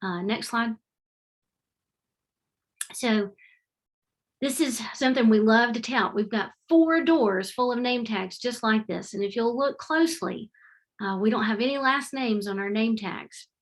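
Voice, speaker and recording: Middle-aged woman presenter, warm and animated, a touch high-voiced, talking through slides on a call. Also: unhurried, long pauses. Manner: warm, heartfelt and animated, with faith-tinged phrasing. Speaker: presenter at a webinar. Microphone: remote video call.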